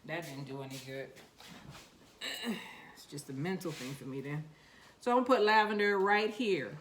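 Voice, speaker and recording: A woman's voice: deep voice, normal speed, a little hiss or hum. A woman with a New York accent, chatting to herself and her seeds while planting them in a casual gardening vlog. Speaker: gardening vlogger.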